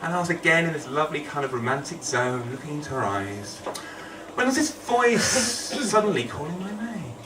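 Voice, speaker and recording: A man's voice: a little high, big pitch swings, normal speed. Rambling, humorous male storyteller. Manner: rambling, self-deprecating, humorous. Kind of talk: live storytelling on stage. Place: event hall. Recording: echoey hall, distant mic, noisy.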